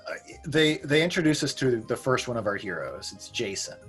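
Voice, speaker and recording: A man's voice: mid-range voice, animated, a little fast, fairly bright tone, breathy edge, soft background music. A man casually reviewing a movie on a podcast, rambling and swearing as he talks. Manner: rambling, profane, acts out quotes. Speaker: podcast host.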